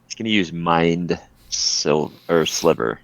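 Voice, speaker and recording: A man's voice: sits low, lively intonation, takes it slowly, gravelly, no echo, low-quality recording. A man playing a tabletop game, thinking aloud and hesitating while he works out his turn. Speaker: player. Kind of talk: casual tabletop game chat.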